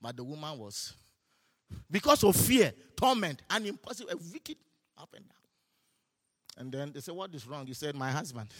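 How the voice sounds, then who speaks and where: Fiery high-pitched preacher man. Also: moderate pace, pauses often. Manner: animated preaching with laughter and shouted declarations. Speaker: pastor. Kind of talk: sermon. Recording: hall reverb.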